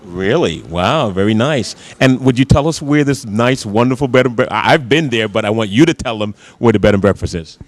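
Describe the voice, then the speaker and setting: A man's voice: medium pitch, animated, brisk, few pauses, no room sound. Chatty male TV host on location. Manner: chatty, repeats words while warming up questions. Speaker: TV show host. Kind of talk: on-location interview. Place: restaurant.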